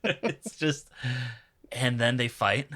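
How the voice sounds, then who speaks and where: This is a man in a casual podcast chat, talking as a guest. His voice is bright and forward, and his pitch swings widely. He laughs often as he retells scenes. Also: lively intonation, takes it slowly. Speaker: comedian guest.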